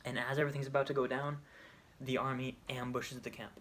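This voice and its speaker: A man's voice: mid-range voice, little pitch movement, fairly quick, fairly bright tone, slight background noise. A man casually retelling a video game story, rambling, restarting and correcting himself as he goes. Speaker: video creator.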